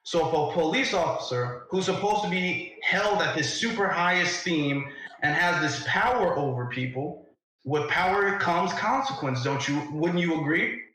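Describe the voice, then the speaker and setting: A man's voice: a little high, expressive, normal speed, bright, forceful tone, very echoey, poor audio. A man hosting a live debate, pressing his points and firing repeated questions. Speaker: live stream host. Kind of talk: heated debate.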